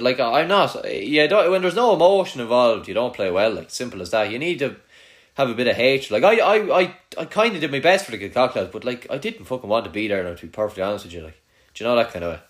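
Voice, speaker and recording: A man's voice: mid-range voice, big pitch swings, fast talker. A young man with a rural Irish accent chatting casually, swearing freely and trailing off into mutters. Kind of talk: casual chat.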